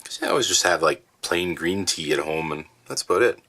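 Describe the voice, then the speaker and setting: Deep-voiced man reviewing rations. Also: a little fast. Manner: relaxed, chatty, with frequent fillers. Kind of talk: casual food review vlog. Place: home basement.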